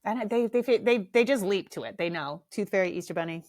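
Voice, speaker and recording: A middle-aged woman tells a funny family story on her podcast. She talks casually, animated and self-mocking, and swears without a second thought. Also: medium pitch, quick pace. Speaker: podcast host.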